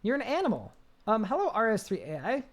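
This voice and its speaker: A man with a high-pitched voice, chatting casually on a live game stream, reading chat aloud and rambling with restarts. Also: wildly swooping pitch, fast.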